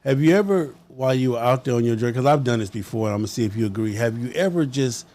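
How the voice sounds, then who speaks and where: A man's voice: medium pitch, quick pace, a crowd in the background. Laid-back man hosting an interview. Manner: laid-back, frequent "yeah" backchannels, playful. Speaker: interview host. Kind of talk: casual interview chat.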